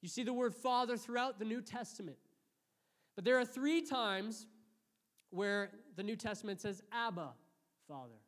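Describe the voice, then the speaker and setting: Pastor guy preaching, kinda high voice, earnest storytelling, reverby church hall sound. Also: moderate pace. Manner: earnest storytelling with lively acted-out quotes. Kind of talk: sermon.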